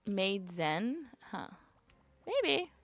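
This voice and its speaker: A woman chatting to herself while she plays a video game, rambling and giggly, her voice climbing high when she gets nervous. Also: sing-song, very slow. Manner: rambling self-talk, giggly. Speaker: streamer. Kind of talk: casual gameplay commentary.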